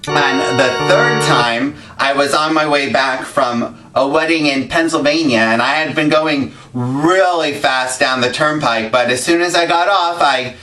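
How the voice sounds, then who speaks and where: A man with a rather high, bright, forceful voice hosts a web series, spinning self-deprecating comic stories packed with pop culture jokes in an unhurried monologue with barely any pauses. The recording is echoey, the mic distant, and music plays underneath.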